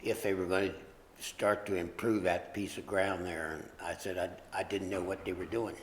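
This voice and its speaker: A man's voice: sits low, fairly even intonation, moderate pace, a little hiss or hum. A man on a planning commission making short, plain remarks at a meeting. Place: meeting hall. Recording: roomy hall, distant mic.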